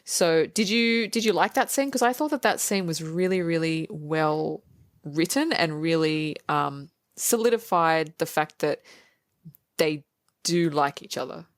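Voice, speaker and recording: A woman talks through a film on a podcast, animated and quick to act out lines from scenes. Her voice sits a little low, and the sound is dry and close. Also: dry recording. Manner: animated, acts out quoted lines. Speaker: podcast co-host. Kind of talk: casual movie review chat.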